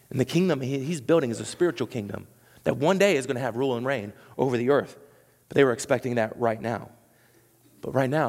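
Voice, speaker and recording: A man preaching a sermon to his congregation, animated and conversational, acting out what people said, with many restarts. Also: medium pitch, quick pace, long reverb tail. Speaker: pastor.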